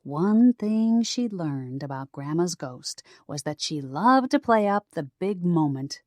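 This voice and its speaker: Slow, measured woman narrator. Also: lowish voice, lively intonation, no echo, clean studio sound. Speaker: audiobook narrator. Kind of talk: scripted narration.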